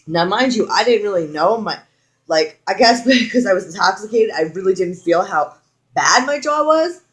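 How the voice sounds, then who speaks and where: A woman's voice: mid-range voice, normal speed. Young woman vlogger, casual storytime, blunt and profane, acts out quoted lines with emphasis. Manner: frank, heavy swearing, animated retelling with quoted lines.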